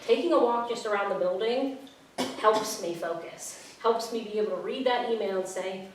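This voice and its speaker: A woman's voice: mid-range voice, normal speed, very echoey, far from the mic, slight background noise, low-quality recording. A young woman telling her own story with frankness and humor, acting out the people in it. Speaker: speaker sharing her story. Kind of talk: personal storytelling talk. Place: talk venue.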